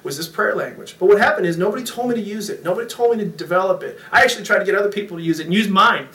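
Bright high-voiced male pastor, echoey hall. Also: very fast. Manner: storytelling, jokey, animated with impressions. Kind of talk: sermon. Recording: echoey room, mic from a distance.

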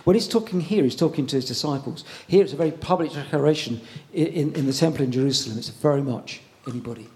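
A man preaching a sermon in a conversational way, pausing often and repeating words as he goes. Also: fairly high pitch, darkish tone.

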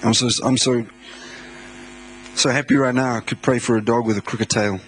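A man from South Africa, a visiting pastor, preaching a sermon in a church, excitable, laughing often and repeating words. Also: medium pitch, moderate pace, slight background noise. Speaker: guest pastor.

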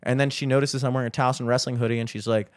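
Racing along at medium pitch, a young man tells a rambling story full of profanity during laid-back podcast talk. He gets animated and performs the voices of the people involved.

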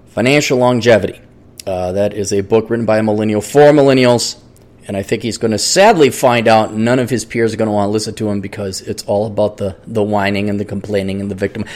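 A man hosting a solo podcast, rambling, profane and sarcastic while he reads sponsor plugs and vents. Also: on the low side. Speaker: podcast host.

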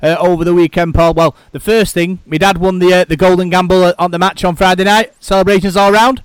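A man's voice: high-pitched, level tone, brisk, smooth, no echo. A middle-aged man hosting a podcast in casual chat, rambling and restarting his sentences often. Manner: rambling, frequent restarts and repeated words. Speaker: podcast host.

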